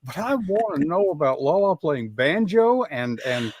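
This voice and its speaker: A man's voice: a little high, big pitch swings, normal speed, a little mellow, slightly rough. Southern guy hosting a podcast, chatty and folksy, voice swings up and down a lot. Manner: chatty, folksy, stumbles and repeats words. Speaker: podcast host. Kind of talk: casual interview chat.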